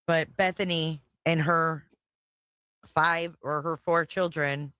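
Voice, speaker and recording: A woman's voice: low voice, steady tone, takes it slowly, a bit bright, smooth, no room sound, studio quality. A woman hosting a casual reaction stream, blunt, profane and exasperated as she comments. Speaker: livestream commentary host.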